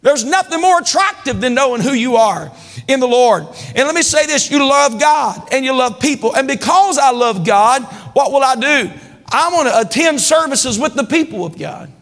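A pastor with a very high voice preaches to his congregation, drawing call-and-response amens and swelling into shouts. His words ring out with a long reverb through a large church hall. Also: expressive, normal speed. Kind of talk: sermon.

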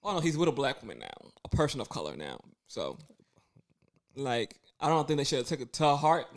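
A man co-hosting a casual chat, talking in an animated, blunt way and arguing his point. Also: mid-range voice, fairly quick.

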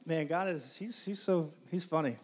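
A man preaching a sermon, telling a story conversationally to the congregation and building to loud, emphatic preaching. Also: on the high side, moderate pace, breathy edge. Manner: conversational, addresses the congregation directly.

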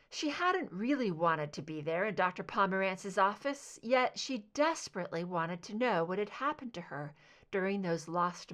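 A woman reads a fan fiction chapter aloud at a mid pitch for her sex, with steady, even narration. The telling stays plain and measured. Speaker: audiobook reader.

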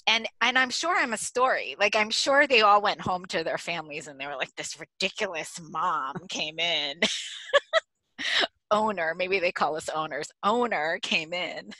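A middle-aged American woman tells a story on a podcast, lively and quick to laugh. Her voice is bright and forceful. The sound is dry and close. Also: lowish voice, no room sound, low-quality recording. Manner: animated, laughs while telling a story. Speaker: podcast co-host. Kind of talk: casual storytelling chat.

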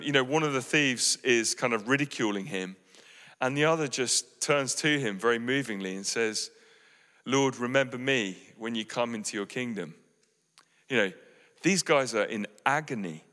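A man's voice: medium pitch, a bit bright, in a large hall. A man preaching a sermon as pastor, earnest and pleading, often restarting and saying "you know".

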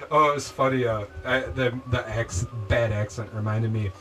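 A man's voice: mid-range voice, fairly even intonation, a little slow, a bit bright. A man hosting a podcast in loose casual chat, rambling with lots of "like" and laughing often. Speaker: podcast host. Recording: distant mic with music behind.

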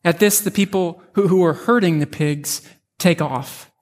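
A pastor preaching a narrative sermon, telling a vivid second-person story with frequent restarts. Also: male voice, fairly high pitch, a little slow.

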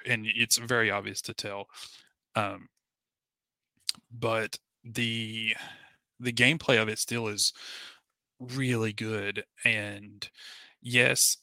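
Podcast guy with a really bright edgy voice, kinda low, flat delivery, lots of ums. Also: dry recording. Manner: earnest, many fillers and restarts. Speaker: podcast co-host. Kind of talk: casual chat.

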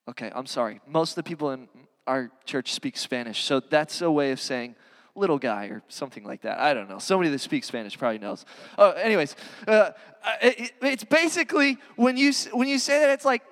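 A man's voice: high-pitched, expressive, brisk, a bit bright. A man preaching a sermon as a pastor, earnest and conversational, with many casual fillers. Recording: long hall reverb.

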